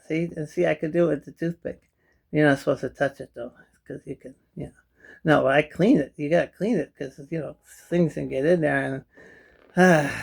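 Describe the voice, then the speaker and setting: Gravelly-voiced man rambling jokily at home. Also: on the high side. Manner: jokey, rambling, talks straight to viewers. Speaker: vlogger. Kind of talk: casual rambling vlog to camera. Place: at home, sitting in a kitchen chair.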